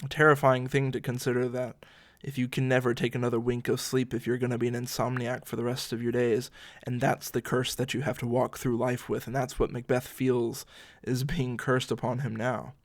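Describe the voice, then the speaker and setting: A man giving a casual literature lesson, speaking at an ordinary middle pitch. He walks through a play in plain, chatty terms and drops in informal asides while he explains. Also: completely flat delivery, brisk. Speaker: literature teacher.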